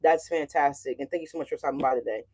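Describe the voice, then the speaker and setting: Fast and slightly rough, a tarot reader's mid-pitched voice carries a blunt, swearing rant to livestream viewers. Loudness swings with the story's ups and downs. It's casual chat, peppered with "you know what I'm saying" to make sure listeners are keeping up.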